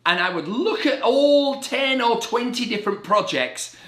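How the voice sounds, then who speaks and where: A middle-aged man, a real estate agent, giving an animated, very caffeinated motivational talk and acting out his inner voice in quick asides. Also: very high voice. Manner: animated and energetic, self-described as very caffeinated. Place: indoor room with a blackboard on the wall. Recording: roomy echo.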